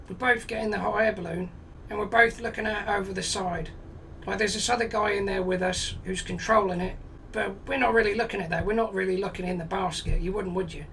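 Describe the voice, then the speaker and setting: An English comedy storyteller in his forties delivers a blunt, sweary anecdote as a monologue, exasperated and full of quoted dialogue. His high voice is pushed and bright with vocal fry, and the poor-quality audio comes from a distant mic with slight hiss or hum.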